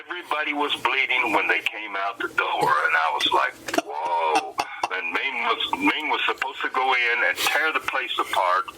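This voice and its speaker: Older man, animated storyteller, swooping lively pitch, loud background noise. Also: normal speed, creaky, few pauses. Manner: animated storyteller with laughs and Southern folksy phrasing. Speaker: wrestling manager guest. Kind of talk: storytelling interview.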